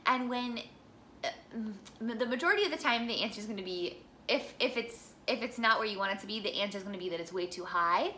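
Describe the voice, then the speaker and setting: Bright-voiced woman teaching singing. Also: medium pitch, animated, quick pace, a little hiss or hum. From American Midwest. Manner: chatty, encouraging, demonstrates vocal exercises. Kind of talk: vocal lesson.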